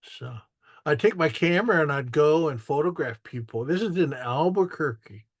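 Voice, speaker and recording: A man's voice: on the high side, animated, normal speed, dry recording, clean studio sound. A man giving a casual artist talk as a photographer, telling stories about his photos in a rambling way, with restarts and acted-out quotes. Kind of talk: casual storytelling while showing photos.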